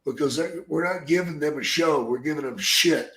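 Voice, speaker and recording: A man, a retired pro wrestler, telling gruff, profanity-laced stories in casual podcast chat. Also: a little high, moderate pace, a bit bright, reverberant. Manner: gruff, profane, rambling anecdotes.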